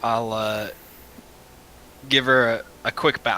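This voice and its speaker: A man's voice: medium pitch, takes it slowly, long pauses, slight background noise. A young man playing a tabletop game, talking eagerly and with animation as he describes his moves. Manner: eager, animated, bursts into loud acting. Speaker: player.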